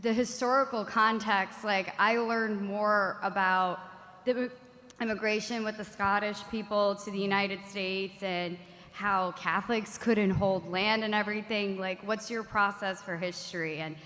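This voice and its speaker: A woman's voice: medium pitch, fairly even intonation, measured pace, a bit bright, long reverb tail. A woman from New York City asking a panel a question, friendly and talkative. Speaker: audience member asking a question.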